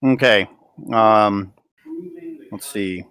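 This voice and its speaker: A man acting as game master for a tabletop game, describing the scene as he goes. His voice sits low but sounds bright and forward. He stops and restarts often while finding his words. The recording is dry and close. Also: drawn-out words, clear, resonant tone, no room sound. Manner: hesitant, searching for words.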